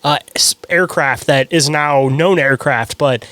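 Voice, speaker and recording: A man hosting a podcast and asking questions in a relaxed, casual way, with many fillers. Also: on the high side, measured pace. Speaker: podcast host. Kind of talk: casual interview.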